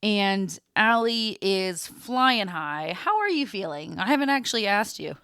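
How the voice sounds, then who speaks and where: Chatty woman with a lively voice. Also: medium pitch, a little slow, clear, resonant tone, no echo, clean studio sound. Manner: chatty, rambling, laughs often. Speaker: podcast co-host. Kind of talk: casual chat.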